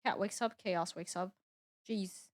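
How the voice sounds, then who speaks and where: A woman's voice: mid-range voice, fairly even intonation, a little slow. A young woman streaming live, chatting casually as she works and playfully scolding her cat. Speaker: VTuber streamer. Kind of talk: casual livestream chat.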